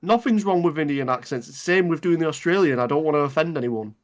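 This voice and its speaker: A man co-hosting a casual movie chat, enthusiastic and quick to laugh and swear. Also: fairly high pitch, expressive. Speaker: podcast co-host.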